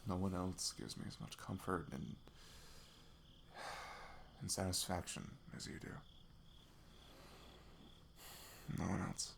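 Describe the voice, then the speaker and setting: Guy doing a cuddly best buddy in soft-spoken asmr role-play, really deep gravelly voice, a little hiss behind. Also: fairly even intonation, moderate pace. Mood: tender. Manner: tender, softly spoken, playfully defensive. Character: affectionate young male best friend, cuddly.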